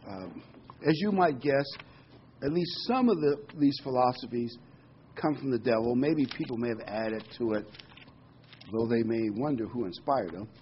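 A man's voice: mid-range voice, lively intonation, moderate pace, dull audio, slight background noise. A man preaching a sermon in an earnest teaching manner, quoting and explaining scripture with frequent "um"s.

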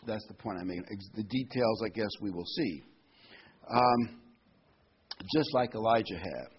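A man's voice: fairly low pitch, expressive, unhurried, husky, dull audio. A man preaching a sermon, reading scripture aloud and stressing key words as he explains them.

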